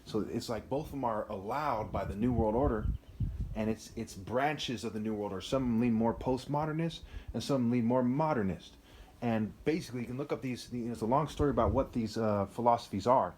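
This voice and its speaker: Male vlogger, mid pitch, rambling and emphatic, unscripted monologue. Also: brisk, darkish tone. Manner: rambling, emphatic, frequent "right?" asides.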